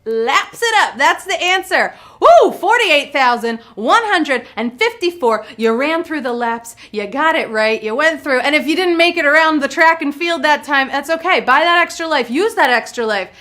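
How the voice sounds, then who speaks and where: A woman's voice: high voice, lively intonation, moderate pace, hardly any pauses, a bit bright. A young woman hosting a live trivia game show, bubbly and full of playful puns. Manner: bubbly, punny, playful banter.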